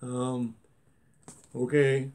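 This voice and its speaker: A man's voice: medium pitch, monotone, extremely slow, darkish tone. A man, chatting casually and rambling in a folksy way while unboxing toy cars for his channel. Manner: chatty, folksy and rambling, with Southern-style grammar. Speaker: die-cast car hobby vlogger.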